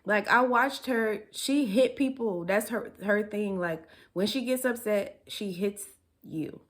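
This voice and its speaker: A young woman telling a personal story in a casual, chatty way, laughing often and using dialect grammar. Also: mid-range voice. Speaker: storytime vlogger.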